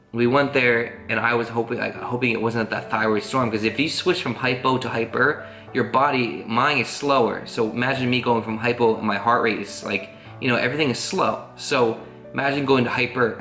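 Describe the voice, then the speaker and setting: Casual vlogger man, bright forceful voice, rambling earnest telling, roomy echo, faint guitar behind. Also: mid-range voice. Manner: rambling, earnest, full of "like" fillers. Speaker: family vlogger. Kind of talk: casual storytelling to camera.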